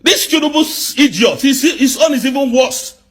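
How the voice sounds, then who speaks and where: A man from southeast Nigeria, delivering an angry political rant full of repeated rhetorical questions and bursts of shouting. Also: very high-pitched, animated, moderate pace.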